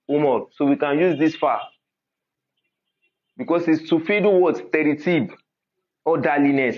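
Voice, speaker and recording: Male grammar teacher, fairly high voice, quizzing style with rhetorical questions, lo-fi phone-line sound. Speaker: Arabic grammar lecturer. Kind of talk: classroom lecture. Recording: tinny phone-like audio.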